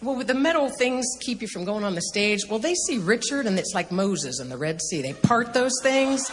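A woman telling an animated personal testimony as a guest, laughing often and rushing through her story. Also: medium pitch. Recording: reverberant hall, faint background noise.

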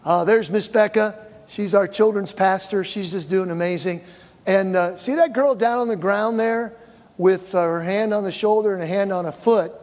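Animated older male pastor in a hall. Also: high-pitched. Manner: animated storytelling, acts out quoted voices. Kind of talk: church mission report with slides. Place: church hall. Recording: reverberant church hall.

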